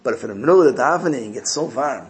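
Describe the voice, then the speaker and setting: A man voicing a stern but kind elderly rebbe in a told story, speaking firmly and softly. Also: medium pitch, animated, fast talker, natural voice. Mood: warm.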